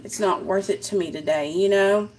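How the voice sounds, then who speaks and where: A woman's voice: mid-range voice, normal speed, a little mellow, slight background noise. A young woman and mother talking candidly to viewers in a live video, rambling with lots of "like" and "you know". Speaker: mother sharing her recovery in a live video. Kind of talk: candid casual live chat.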